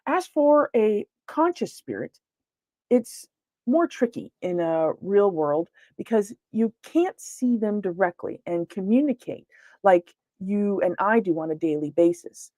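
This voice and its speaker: A woman's voice: medium pitch, animated, measured pace, dark tone, no echo. A woman giving a lecture as a paranormal investigator, talking casually with frequent fillers and restarts. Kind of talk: presentation lecture.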